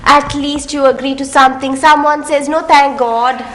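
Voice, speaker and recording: A woman's voice: sits high, steady tone, normal speed. A woman with a Sri Lankan English accent in scripted comic banter, teasing and wry. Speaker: comedy sketch co-host.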